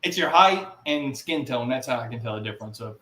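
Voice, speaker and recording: A man's voice: medium pitch, lively intonation, fairly quick, pushed and bright. A man talking as a podcast guest, telling blunt, rambling anecdotes in casual chat. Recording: roomy echo.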